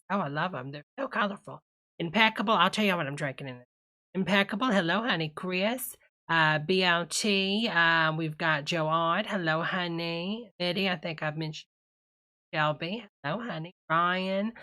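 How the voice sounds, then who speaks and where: A woman's voice: on the low side, bright, forceful tone. A woman doing a tipsy church lady host. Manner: gushing, calls everyone honey, drawling asides. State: tipsy from a cocktail. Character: gushing Southern church-lady streamer, middle-aged. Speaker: livestream host reading chat. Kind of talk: live reaction stream chatter.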